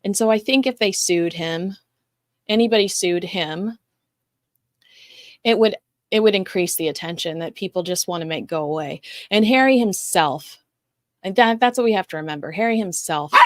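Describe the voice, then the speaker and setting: A woman's voice: fairly low pitch, normal speed, no room sound. Chatty woman host, dry sound. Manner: chatty, rambling, reacts to viewer comments. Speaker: show host reading live chat. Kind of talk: casual livestream chat.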